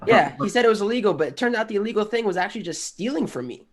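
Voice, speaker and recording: A man doing a self-deprecating stand-up bit at an open mic, telling a story in a deadpan way. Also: sits high, racing, a crowd in the background. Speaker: stand-up comedian.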